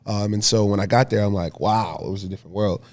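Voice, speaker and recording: A man in his thirties from Philadelphia, speaking as a podcast guest. His voice sits fairly low, and he tells his story with animated energy, laughing and acting out the scenes. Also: quick pace. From Philadelphia, USA. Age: 30s. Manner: lively, laughing storyteller who acts out scenes. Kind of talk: casual storytelling interview.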